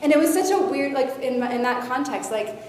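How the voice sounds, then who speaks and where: Animated woman telling her story in a hall. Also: sits high, a little fast. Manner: animated storytelling with lively shifts in loudness. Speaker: guest speaker. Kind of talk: personal testimony to a youth audience. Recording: echoey hall, faint noise.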